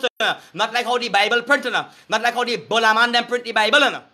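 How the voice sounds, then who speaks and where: Man, Trinidadian accent, high-pitched, bright voice, crude preachy rant, sing-song chanting. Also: fast, hardly any pauses. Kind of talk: profane rant to camera.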